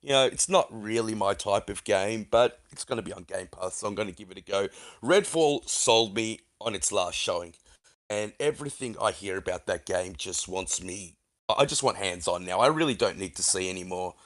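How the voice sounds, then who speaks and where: A man's voice: fairly low pitch, moderate pace. A man in casual podcast chat, giving opinions and asking himself rhetorical questions.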